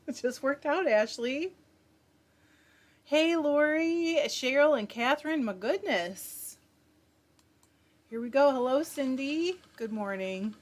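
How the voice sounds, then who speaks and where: A woman hosts a live stream, spinning yarn while chatting casually, greeting viewers by name and reading their comments aloud. Her high-pitched voice is animated yet slow, with frequent pauses and frequent laughter.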